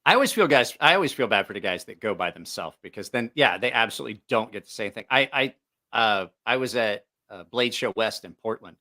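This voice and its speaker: Man, podcast host, forceful bright tone, animated storyteller, high-pitched quoted voices. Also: a little fast. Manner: animated storyteller, jumps pitch when quoting people. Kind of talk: casual podcast chat.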